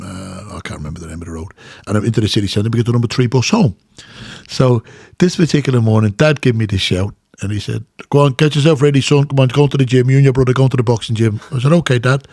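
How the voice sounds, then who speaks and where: A man's voice: lowish voice, dry recording, studio quality. A middle-aged man with a Dublin Irish accent telling stories in casual chat and acting out the voices he quotes. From Ireland. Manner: animated, acts out quotes. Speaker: guest, former boxer. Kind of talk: casual storytelling.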